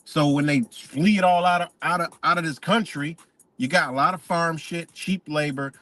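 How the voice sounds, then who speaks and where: A man's voice: a little high, steady tone, moderate pace, fairly bright tone. A man hosting a livestream, ranting in a profane, rambling way and repeating himself. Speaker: channel host. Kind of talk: livestream rant.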